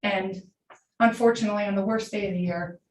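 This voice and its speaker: A woman's voice: mid-range voice, steady tone, a little fast. Brief: woman in her 40s, veteran teacher, heartfelt unscripted public comment, roomy hall sound, mic set back. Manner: earnest, heartfelt, unscripted storytelling. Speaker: middle school teacher giving public comment. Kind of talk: public comment at a school board meeting. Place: large meeting room. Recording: echoey room, distant mic, faint hiss.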